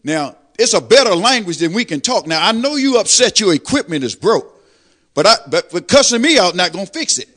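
An older man preaches from his own life. His high voice leaps up and down, and it swells loud on the praise lines. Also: big pitch swings, fairly quick. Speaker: lay preacher. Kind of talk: sermon testimony.

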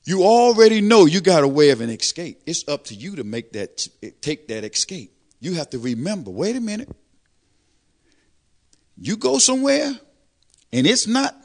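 Animated older preacher man. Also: sits high. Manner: animated preaching, swells loud on praise lines. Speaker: lay preacher. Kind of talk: sermon testimony.

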